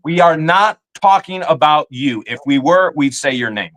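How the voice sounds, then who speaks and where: A man's voice: fairly high pitch, lively intonation, normal speed, a bit bright. A man co-hosting a live stream, indignantly scolding people in his chat. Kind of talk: heated live-stream rant.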